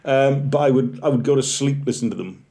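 A Welsh man around forty, a comedian chatting on a podcast, telling animated, self-deprecating stories and slipping into little bits. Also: mid-range voice, fast. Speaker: comedian guest. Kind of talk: casual podcast chat.

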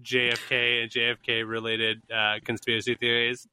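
Male podcast co-host, teasing banter, bright tense tone, dry mic. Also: mid-range voice, monotone, normal speed, smooth, dry recording, rough recording. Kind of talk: casual chat.

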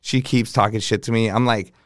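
A man's voice: on the low side, steady tone, brisk, dry recording. Laid-back man telling DJ stories, dry sound. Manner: laid-back, swears freely, acts out quotes. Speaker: DJ guest. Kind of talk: casual storytelling chat.

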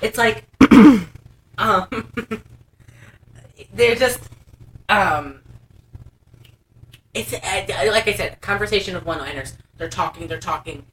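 A woman co-hosting a casual movie recap podcast, telling the plot in an animated, profane way with lots of laughing. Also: medium pitch, slow, pauses often, recorded from a distance, a little hiss or hum, rough recording. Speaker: podcast co-host.

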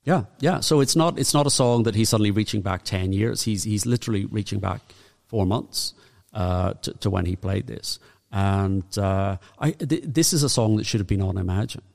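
A man's voice: on the low side, moderate pace, gravelly, darkish tone, long reverb tail. A man with a Northern Irish accent co-hosting a podcast, chatting casually and reeling off dates and facts. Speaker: podcast co-host. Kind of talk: casual chat.

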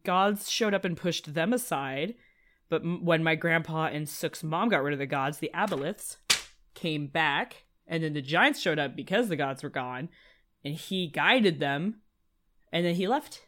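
A woman's voice: sits low, animated, fairly bright tone, slight background noise. A woman player recapping a tabletop game in casual chat, rambling and swearing freely. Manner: swearing, rambling, quick asides.

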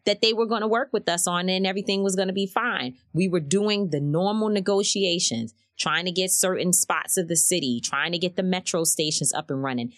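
A woman's voice: a little fast, hardly any pauses, no echo, studio quality. A woman who organizes marches, talking candidly in an interview and acting out quoted voices as she tells stories. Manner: animated storytelling, acts out quotes with rising pitch.

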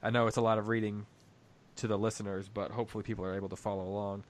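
A man's voice: fairly low pitch, level tone, rapid-fire. A man co-hosting a book discussion podcast, reflecting aloud and reading passages from a story. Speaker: podcast co-host.

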